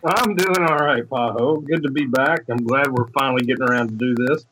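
A man chatting as a podcast guest in a relaxed, self-mocking way. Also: medium pitch, fairly quick, background noise. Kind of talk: casual podcast chat.

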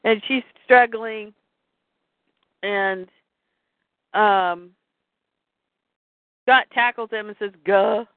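A woman co-hosting, retelling a comic in a lively, laughing storytelling way, heard over a tinny phone-like line. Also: medium pitch, drawn-out words, pauses often, no echo.

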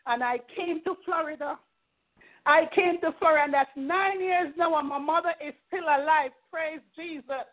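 High-voiced woman preaching over a phone line. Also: normal speed. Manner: earnest, fervent storytelling. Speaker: minister leading a prayer call. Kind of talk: testimony and exhortation on a conference call. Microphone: telephone.

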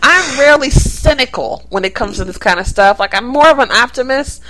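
A woman's voice: high voice, expressive, brisk, fairly bright tone, low-quality recording. A woman co-hosting a podcast, chatting casually with opinions and frequent laughter. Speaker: podcast co-host.

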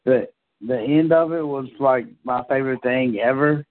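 Halting enthusiastic man over a phone line. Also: mid-range voice. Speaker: podcast co-host. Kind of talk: casual horror movie chat.

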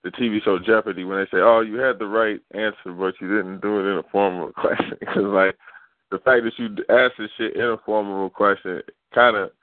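Low-voiced man in rambling casual chat. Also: brisk, dry recording. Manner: rambling, slangy, animated asides. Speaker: podcast co-host. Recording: dry, phone-like lo-fi sound.

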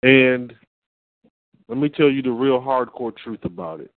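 An emphatic male preacher lectures with insistent repetition, slowing down to stress each phrase. The audio is dry and tinny, as if heard over a phone line. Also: mid-range voice, no room sound. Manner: emphatic, repeats and reads slowly for stress.

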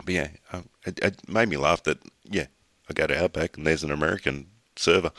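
A middle-aged Australian man with a remarkably deep, low voice hosts a casual podcast. He wanders through his story with false starts and the odd swear word. The sound is dry, with no room echo. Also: a bit bright. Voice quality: rambling, talks in halting restarts, swears casually. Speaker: podcast host.

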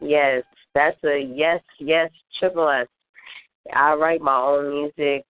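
A woman's voice: low-pitched, fairly even intonation, slow, dry recording. Rapper woman on a tinny phone line. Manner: earnest and upbeat, lists things fondly. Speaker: guest rapper. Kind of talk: interview answers.

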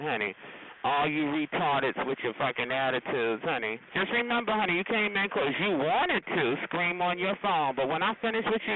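A man trash-talking on a phone chat line with sassy, drawn-out talk, calling everyone honey and child. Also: sits high. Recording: tinny phone line with crowd noise.

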